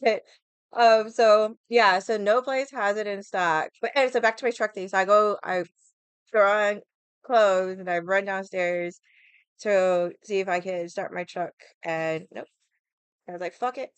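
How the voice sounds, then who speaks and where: A woman's voice: medium pitch, fairly even intonation, a little slow, smooth, no echo. A young woman chatting casually with viewers on a livestream, rambling, swearing freely and laughing often. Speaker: livestream vlogger.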